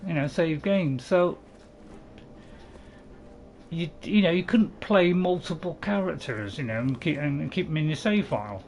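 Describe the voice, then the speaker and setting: A man's voice: on the high side, expressive, unhurried, long pauses, a little mellow, a little hiss or hum, rough recording. A man giving casual gameplay commentary, rambling and correcting himself with chuckling asides. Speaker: gaming channel host.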